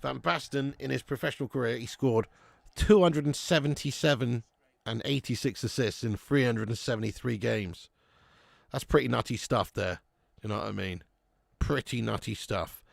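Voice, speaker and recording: Gravelly man hosting a watch-along. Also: medium pitch, normal speed, dry recording, clean studio sound. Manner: casual, swearing, chatty. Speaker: host. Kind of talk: live football watch-along commentary.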